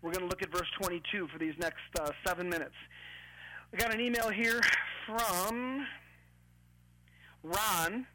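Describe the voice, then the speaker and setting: A man preaching a radio sermon, fervent and emphatic, rising to loud peaks as he drives each point home. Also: high voice, unhurried, pauses often, low-quality recording. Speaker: pastor.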